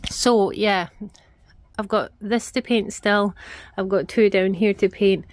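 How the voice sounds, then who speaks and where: A woman's voice: mid-range voice, fairly even intonation, takes it slowly, no room sound. A Scottish woman talks through her home redecorating in a chatty, frank, self-deprecating way. Her voice sits in an ordinary middle range and sounds close and dry, with almost no room around it. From Scotland. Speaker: vlogger. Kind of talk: casual vlog chat while working. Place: small house, indoors, redecorating.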